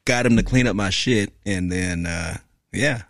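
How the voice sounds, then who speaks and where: Low-voiced, profane joking man. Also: measured pace, no echo, studio quality. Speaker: military veteran guest. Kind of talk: casual podcast banter.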